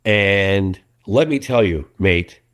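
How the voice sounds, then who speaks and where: A middle-aged documentary filmmaker chatting as a guest in an interview, an animated and earnest storyteller. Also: male voice, low-pitched, slow pace. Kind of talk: casual interview chat.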